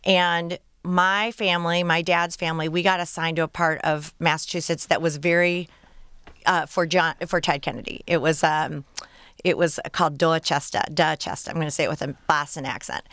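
A woman's voice: low voice, steady tone, moderate pace, a bit bright, clean tone, no echo. A woman from Michigan, a guest on a radio interview, telling stories in short, earnest clauses.

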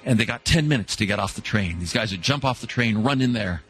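Earnest storytelling man, lowish voice. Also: animated, quick pace, a bit bright, faint music behind. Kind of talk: inspirational storytelling.

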